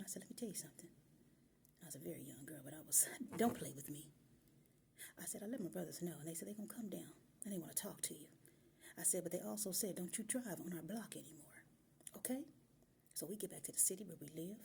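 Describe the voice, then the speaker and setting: A woman's voice: on the low side, vocal fry, husky. A woman telling a personal story in a casual, colloquial way, calling her listeners "y'all" and often dropping into whispered asides. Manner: lively, drops into whispered asides.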